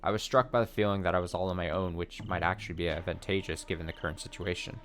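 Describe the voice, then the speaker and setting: A man hosting a let's play, reading a visual novel's text aloud in a steady voice with short wry asides. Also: low-pitched, fast.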